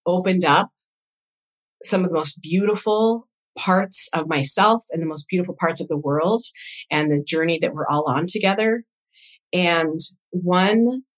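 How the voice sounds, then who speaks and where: A woman with a slightly low voice speaks as a podcast guest, recounting her own experiences. She talks in an earnest, reflective way and stays emotionally open. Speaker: guest, doula coach. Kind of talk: personal storytelling in conversation.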